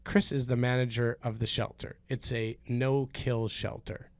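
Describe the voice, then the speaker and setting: A man's voice: medium pitch, little pitch movement, a little slow, no room sound. A man co-hosting a comedy podcast, playful and rambling, playing a mock showman as he introduces improv scenes.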